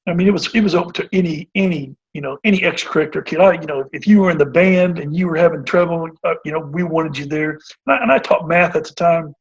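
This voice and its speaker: Husky-voiced man telling a coaching story. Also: fairly high pitch, fast, hardly any pauses. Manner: earnest, rambling with many fillers and restarts. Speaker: basketball coach, guest. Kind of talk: casual interview storytelling. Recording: dull lo-fi audio.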